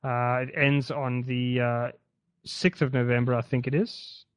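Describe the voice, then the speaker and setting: A man from South Africa co-hosting a casual esports podcast, talking in halting bursts with teasing asides. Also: mid-range voice, little pitch movement, clean tone. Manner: halting, many fillers and restarts, teasing. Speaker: podcast co-host.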